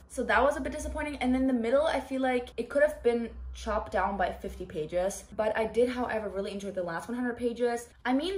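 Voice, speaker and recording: A woman talking casually in a reading vlog, giving dramatic, exclaiming reactions as she reads. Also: on the high side. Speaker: book vlogger.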